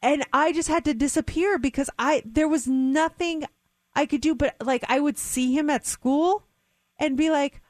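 A woman co-hosting a radio show, telling stories and reading news items in a chatty, lively way. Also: sits high, normal speed, no room sound. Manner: chatty storyteller, animated. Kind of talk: casual radio chat and news segment. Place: radio studio. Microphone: studio mic.

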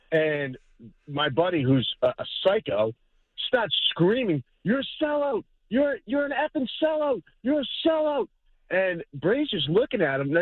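A man calling in to a radio show and telling a story with animated energy. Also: a little high, no echo. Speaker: caller. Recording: tinny phone line.

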